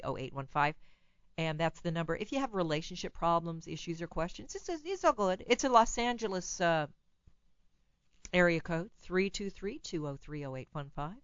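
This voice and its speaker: A woman hosting a call-in radio show as a psychologist, giving blunt, animated advice and laughing at her own remarks. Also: on the low side, moderate pace, smooth, no room sound, highs cut off.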